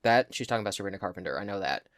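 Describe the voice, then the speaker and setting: A man's voice: on the low side, animated, racing, no room sound, clean studio sound. Rambling, exasperated podcast guy. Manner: rambling, exasperated, laughing at himself. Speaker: podcast co-host. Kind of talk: casual chat.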